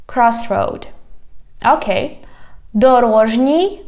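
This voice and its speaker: A woman from Ukraine, teaching a video language lesson and repeating words slowly syllable by syllable, her pronunciation a little impeded by braces. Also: on the high side, darkish tone.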